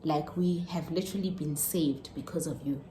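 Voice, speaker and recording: A woman's voice: low voice, moderate pace, dark tone, close to an everyday voice. A young woman with a South African accent voicing an old woman passenger who insists earnestly. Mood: urgent. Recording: echoey room, faint noise.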